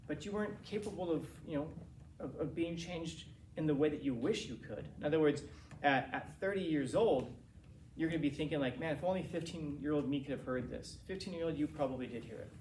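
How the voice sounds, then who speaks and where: A man in his forties, a teacher, lecturing a class in a rambling, animated way with many restarts. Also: a little high, fairly quick. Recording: roomy classroom from a distance, faint hiss.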